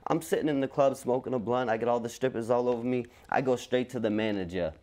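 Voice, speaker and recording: A man from New England with a Boston accent, telling animated stories in a casual chat full of street slang. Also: mid-range voice, fast. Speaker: podcast host.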